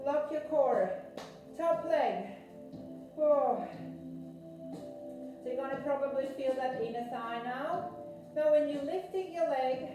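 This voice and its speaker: A high-voiced woman coaches a pilates session at home, slow and deliberate, counting down reps and cheering people on while she works out herself and runs short of breath. Her voice rings in an echoey room, picked up from a few steps off the mic, with music playing underneath. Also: distant mic. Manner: encouraging, counting reps, puffing while exercising. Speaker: fitness instructor. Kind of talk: home workout instruction.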